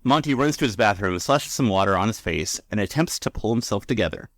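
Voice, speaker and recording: A man's voice: on the low side, animated, brisk, a bit bright, dry recording. A man co-hosting a podcast, casually recapping an episode in a rambling, filler-heavy way. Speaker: podcast co-host.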